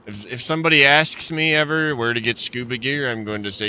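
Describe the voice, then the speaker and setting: A man's voice: medium pitch, brisk, hardly any pauses, bright, forceful tone, smooth. A man streaming a survival game, talking to himself in rambling, joking commentary. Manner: rambling, joking self-talk. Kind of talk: casual gameplay commentary.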